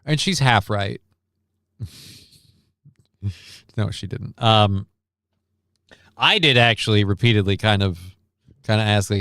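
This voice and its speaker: A man's voice: on the low side, takes it slowly, long pauses, fairly bright tone, clear, resonant tone, no room sound, clean studio sound. A tired man hosting a casual livestream, rambling and reading the chat aloud as he goes. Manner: rambling, self-interrupting, reads chat aloud. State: tired, short of breath. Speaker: livestream host.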